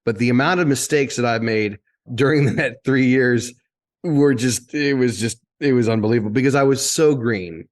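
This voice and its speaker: A man in his fifties, originally from Indiana, sits as a guest and spins loose, animated anecdotes from his years as a TV reporter. His voice sits at an ordinary middle pitch, and he often circles back and restarts mid-sentence as he builds a story. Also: normal speed. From Indiana, USA. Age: 50s. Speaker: guest, former TV sports and entertainment reporter. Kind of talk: casual interview storytelling.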